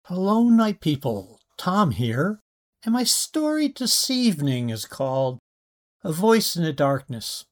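Man telling a slow late-night story. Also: high-pitched, huge pitch swings. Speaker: storyteller in a weekly flash fiction podcast.

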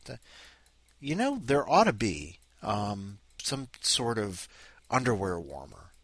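A man's voice: fairly low pitch, big pitch swings, slow, breathy edge, no echo. A man hosting a podcast in a playful, rambling, jokey way. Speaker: host. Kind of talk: casual podcast chat.

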